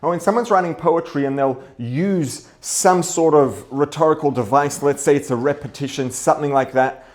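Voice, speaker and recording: Teaching Torah to an audience, a rabbi speaks at a moderate pace in a slightly high voice. He reasons out loud, restates his ideas in different ways, and poses rhetorical questions.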